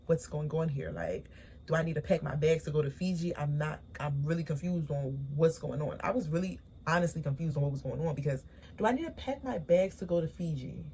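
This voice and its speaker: Young woman, low gravelly voice, opinionated recap host, faint hiss behind. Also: brisk, dark tone. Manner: chatty, opinionated, slangy storytelling. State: tired, late at night. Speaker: recap vlogger. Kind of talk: casual reality-show recap.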